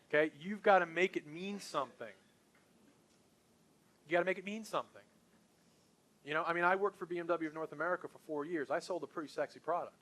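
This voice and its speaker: Middle-aged man, sales trainer, slightly high voice, lively and punchy, talks straight to a group. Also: brisk, pauses often. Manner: enthusiastic, conversational, punchy.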